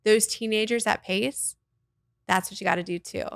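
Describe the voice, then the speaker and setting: Expressive woman voice teacher in interview. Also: mid-range voice, moderate pace, gravelly, no room sound, studio quality. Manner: animated and expressive, often laughing. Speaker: guest, voice teacher and arts nonprofit founder. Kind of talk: casual interview conversation.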